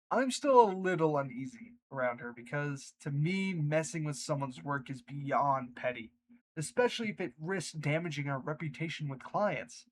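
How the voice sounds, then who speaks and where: A man's voice: fairly high pitch, lively intonation, normal speed, a bit bright, a little hiss or hum, low-quality recording. Chatty man reading online stories. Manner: chatty, breaks off to react and laugh. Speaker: reddit story narrator. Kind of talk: reading stories aloud with casual commentary.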